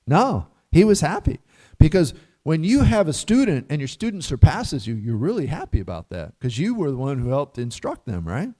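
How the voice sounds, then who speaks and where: A man giving a casual scripture class, telling stories with animated rhetorical questions and frequent chuckles. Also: a little high, normal speed.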